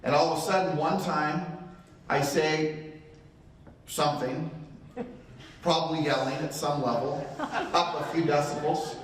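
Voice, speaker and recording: A middle-aged man, a real estate training speaker, gives a motivational talk to a live audience, telling a story and acting out the quotes. His voice sits on the high side with fairly even intonation and a measured pace, and he pauses often. The room is very echoey, he is far from the mic, and there's a little hiss or hum.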